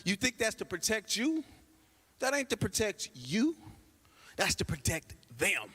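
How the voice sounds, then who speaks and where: Lively high-voiced male comedian. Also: measured pace, slightly rough. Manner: animated storytelling, acts out quoted people. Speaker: stand-up comedian. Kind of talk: stand-up comedy set. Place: church comedy night stage.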